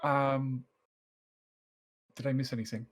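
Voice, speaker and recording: A man's voice: medium pitch, level tone, takes it slowly. A man doing a nervous German-accented nobleman. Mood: uneasy. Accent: put-on German.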